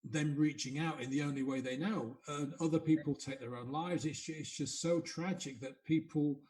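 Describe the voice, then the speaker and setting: A man hosting a podcast interview, his voice sitting a little high for a man. He talks in a reflective, consoling tone. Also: steady tone, moderate pace, darkish tone, slight background noise. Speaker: podcast host.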